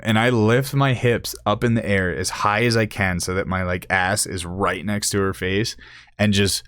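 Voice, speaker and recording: A young man hosting a podcast, telling a crude, profane story in casual chat and jumping into high-pitched quoted voices. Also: steady tone, normal speed, a bit bright, smooth, dry recording, studio quality. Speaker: podcast host.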